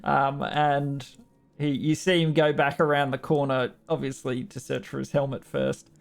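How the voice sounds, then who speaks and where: A man's voice: medium pitch, level tone, normal speed, creaky. An Australian man narrating as game master in a casual, rambling tabletop session, laughing often.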